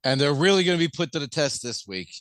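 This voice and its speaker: American dude on a sports podcast, deadpan sarcastic jabs, lively pitch, dead dry sound. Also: male voice, fast, smooth, no echo. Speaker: podcast co-host. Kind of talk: casual sports talk.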